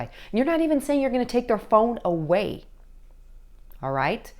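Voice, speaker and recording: A woman's voice: medium pitch, big pitch swings, moderate pace, darkish tone. A woman giving parenting advice to camera, coaching with frequent check-ins and acting out quoted voices. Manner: coaching, checks in with repeated "okay?". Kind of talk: direct-to-camera advice talk.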